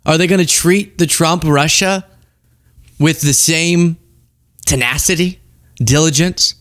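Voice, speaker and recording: A man's voice: a little high, slow pace, no echo, clean studio sound. A young man hosting a political commentary show, talking casually and sarcastically with frequent laughs. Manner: animated, sarcastic, laughs often.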